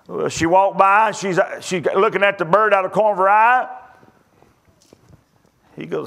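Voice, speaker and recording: A man's voice: high-pitched, moderate pace, a bit bright. A man preaching a sermon, telling folksy stories and plain jokes between scripture readings.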